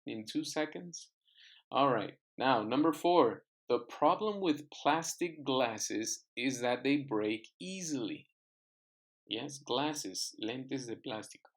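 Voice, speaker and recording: Slow, patient male English teacher. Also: medium pitch, lively intonation. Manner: patient, repeats words for students to echo. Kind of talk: online classroom lesson.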